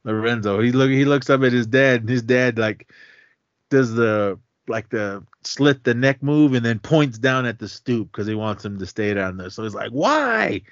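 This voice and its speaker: A man's voice: mid-range voice, fairly even intonation, moderate pace, dry recording. A man co-hosting a podcast, animatedly retelling a film scene in casual chat and acting out the scenes. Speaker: podcast co-host. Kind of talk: casual movie recap chat. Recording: dull lo-fi sound.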